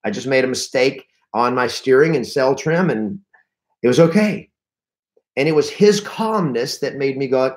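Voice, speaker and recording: A man giving a lively live-streamed coaching talk to real estate agents, telling stories and acting out panicked reactions. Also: mid-range voice, fairly quick. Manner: energetic, storytelling, acts out panicked reactions; restarts and repeats words often.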